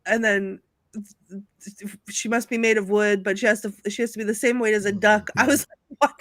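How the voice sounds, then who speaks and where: A woman on a video call chatting excitedly with friends on a live stream, laughing often as she talks. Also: medium pitch, moderate pace, no echo. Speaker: panelist. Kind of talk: casual chat on a live stream.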